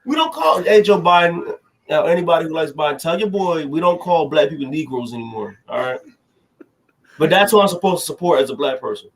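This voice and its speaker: A man's voice: a little high, expressive, a little fast, gravelly. A young man co-hosting a podcast, ranting animatedly through heated political banter and cutting in with "hold on". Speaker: podcast co-host.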